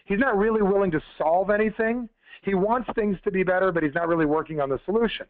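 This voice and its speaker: A man telling a motivational story on a conference call, talking fast and conversationally, addressing the listeners directly. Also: sits high, dry recording. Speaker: motivational speaker. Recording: tinny phone-line call.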